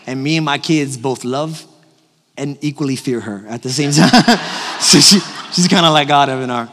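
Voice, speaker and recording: A man in his thirties, a pastor giving an animated, personal sermon with jokes for the congregation, his voice a little hoarse from a cough. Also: fairly high pitch. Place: large church auditorium. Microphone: handheld microphone. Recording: long hall reverb from a large church.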